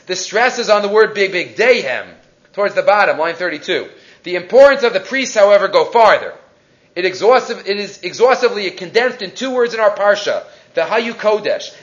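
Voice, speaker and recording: Male Torah teacher, high and animated, keeps asking the class questions. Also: highs cut off. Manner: animated, rhetorical questions, Hebrew terms.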